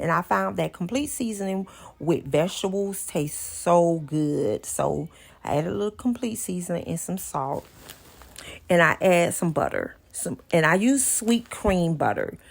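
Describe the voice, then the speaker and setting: A woman talks viewers through a home-cooked meal in a low, gravelly voice. Her delivery is chatty and homey, and she repeats key words for emphasis. It sounds like a casual cooking vlog voice-over. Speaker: cooking channel host.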